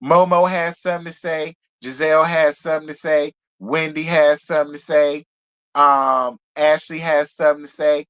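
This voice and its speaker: A man hosting a casual live recap of a reality TV show, talking in a gossipy, profane, animated way and laughing often. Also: on the high side, moderate pace, clean tone. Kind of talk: casual live review commentary.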